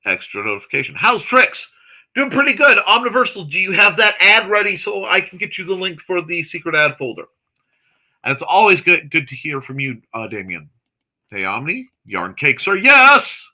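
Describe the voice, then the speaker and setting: Bright, lively-voiced male stream host. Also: sits high. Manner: chatty and excitable, quick asides and snarky jokes. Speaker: host of a morning livestream chat show. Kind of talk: casual livestream chat, reading viewer comments aloud.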